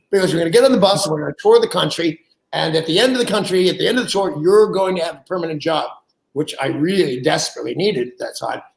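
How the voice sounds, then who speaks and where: A man in his sixties, a guest, telling animated anecdotes and acting out the people he quotes. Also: a little high, quick pace, creaky, reverberant, rough recording. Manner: animated storyteller who acts out quoted people, laughs mid-story. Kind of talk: anecdotal storytelling.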